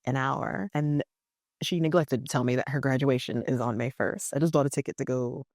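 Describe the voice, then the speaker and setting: A woman therapist, a podcast guest, chatting casually and telling animated stories, full of "like" fillers. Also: very deep voice, a little fast, no echo, clean studio sound. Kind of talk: casual conversational interview.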